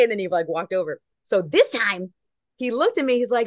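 A woman's voice: medium pitch, animated, quick pace, no echo. A woman from Long Beach, California, a guest correspondent who tells a story in casual chat and acts out each quote.

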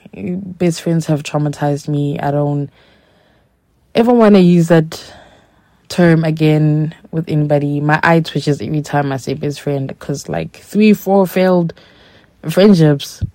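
Low-voiced woman chatting candidly. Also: creaky, dark tone, dry recording. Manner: candid, chatty, acts out quoted dialogue; addresses listeners directly. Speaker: podcast host. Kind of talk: casual storytelling monologue.

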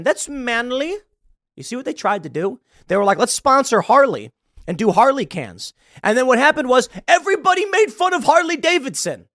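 A man's voice: on the high side, dry recording, studio quality. A man hosting a political podcast, talking through a sarcastic, mocking commentary monologue. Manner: sarcastic, animated, mocking asides. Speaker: podcast host.

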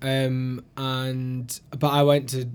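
A man with a softened Glasgow Scottish accent, co-hosting a casual podcast chat and telling lively stories with plenty of swearing. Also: medium pitch, slow pace, clear, resonant tone. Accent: Glasgow Scottish, mellowed. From Scotland, Glasgow. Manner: animated storyteller, swears freely, laughs often. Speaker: podcast co-host.

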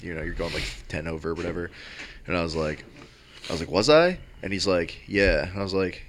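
A young man in casual chat, telling a story in a halting, low-key way. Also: a little hiss or hum.

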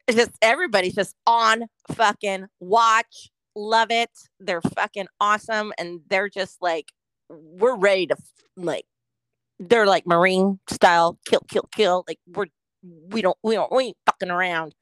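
A woman's voice: medium pitch, unhurried, fairly bright tone, dry recording, rough recording. A woman co-hosting a podcast in casual chat, talking in a laid-back, profane way and laughing often. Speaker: podcast co-host.

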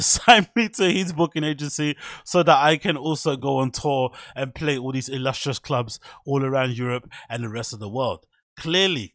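A man's voice: medium pitch, a bit bright, dry recording, studio quality. A man hosting a solo podcast, chatting casually in a joking, self-mocking way. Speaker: podcast host.

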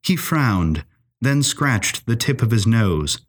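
A man reading a period story aloud in a measured, expressive narration. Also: medium pitch.

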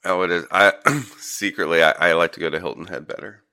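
A man's voice: sits low, a little fast, sharp tone, clear, resonant tone. A man from Ohio with a Central Ohio accent, hosting a casual chat, joking and laughing often. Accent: Central Ohio American.

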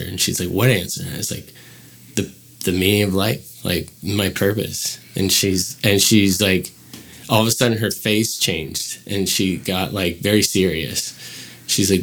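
A man's voice: low-pitched, fairly even intonation, measured pace, fairly bright tone. A man casually telling a personal story as a guest, rambling with many fillers and acting out quoted dialogue.

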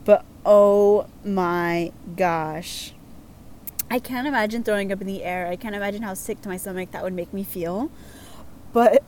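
A woman's voice: a little high, expressive, normal speed, darkish tone. Giggly young woman, chatty and light. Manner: giggly, chatty, lots of fillers. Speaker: host reading listener submissions. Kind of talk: casual chat.

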